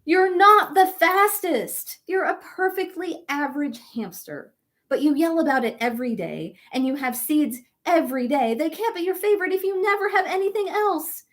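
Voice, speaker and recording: A woman voicing a grumpy male hamster who wants quiet, in a read-aloud picture book. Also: very high voice, expressive, moderate pace, pitched above the performer's own voice.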